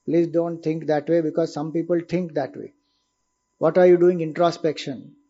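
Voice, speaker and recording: A man's voice: fairly high pitch, flat delivery, moderate pace, mellow, lo-fi sound. A man with an Indian accent giving a spiritual discourse, explaining patiently and asking his listeners questions. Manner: explanatory, asks rhetorical questions. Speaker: spiritual teacher.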